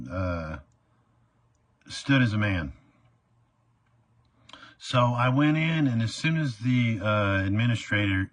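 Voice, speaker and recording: Husky man spinning a yarn. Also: on the low side, fairly bright tone, dry recording. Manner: rambling, many uh fillers, acts out quotes. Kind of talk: casual personal storytelling.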